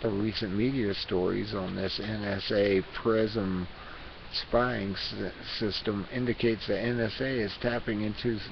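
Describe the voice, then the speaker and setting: Man, gravelly voice, halting read-aloud, dull lo-fi recording, faint hiss. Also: on the low side, steady tone. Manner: halting, repeats words while reading. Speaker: vlogger. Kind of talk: reading an article aloud.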